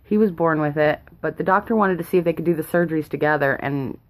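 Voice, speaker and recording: Rambling low-voiced nervous mom. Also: female voice, quick pace. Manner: rambling, nervous, laughs often. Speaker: vlogger, mother. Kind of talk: casual rambling chat. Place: home, indoors.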